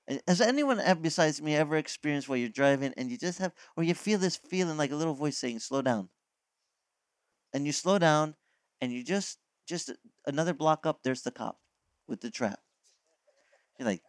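Male pastor, mid pitch, chatty animated sermon, dry close mic. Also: moderate pace, no echo. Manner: animated, folksy, acts out quoted voices, frequent restarts. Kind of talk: conversational sermon.

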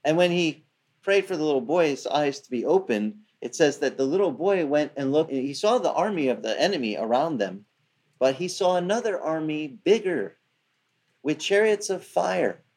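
A man's voice: fairly high pitch, expressive, normal speed, darkish tone. A man preaching, retelling a scripture story in a loose, conversational way. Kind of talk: sermon.

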